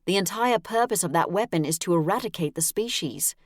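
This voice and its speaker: A man's voice: high voice, lively intonation, a little fast, no room sound, studio quality, voice pushed up. A woman voicing an urgent male wizard colleague who insists and presses his point in a storybook reading. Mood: insistent.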